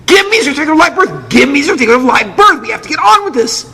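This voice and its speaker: A man voicing a nervous, chain-smoking woman clerk who barks rushed, repeated orders. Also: lowish voice, sing-song, breathy edge, big-room sound, full character voice. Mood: frantic.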